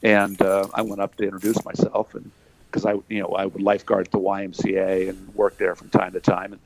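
Low, gravelly, and monotone, an older man from Pennsylvania, USA, talks briskly as an interview guest. The former wrestler tells stories in casual conversation, folksy in style and loaded with filler words.

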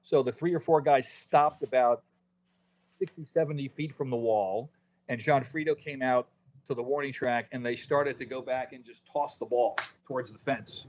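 A man in his fifties spins baseball stories as a guest on a podcast. His voice sits at an everyday middle pitch, and he talks in an animated way, restarting his phrases often. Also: a little hiss or hum. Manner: animated storyteller, quick restarts, frequent "you know". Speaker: author guest. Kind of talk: casual podcast interview.

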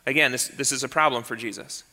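A man preaching a sermon as a pastor, emphatic and swinging to soft, low tones. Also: fairly even intonation, fast talker. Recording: long reverb of a large hall.

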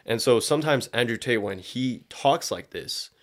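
رجل شاب يتكلم بعفوية ويكثر الشتائم. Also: male voice, mid-range voice, lively intonation, normal speed. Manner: profane, rambling, laughs often. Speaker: co-host. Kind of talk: casual reaction chat.

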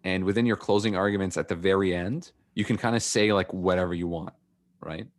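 Deep-voiced man telling a story. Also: brisk. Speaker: podcast co-host. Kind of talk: casual storytelling chat.

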